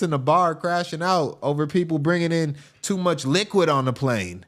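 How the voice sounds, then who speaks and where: A man hosting a show, giving casual, joking commentary over video clips in an animated way and often laughing. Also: fairly high pitch, normal speed. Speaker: host.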